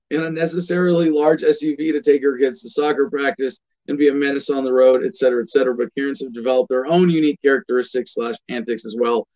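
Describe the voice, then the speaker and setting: A male commentator with a fairly high voice speaks in a sardonic, emphatic tone and delivers his opinions as a running monologue. The sound is dull and lo-fi. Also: a little mellow. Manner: sardonic, emphatic, reads text aloud. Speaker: host of a political commentary show.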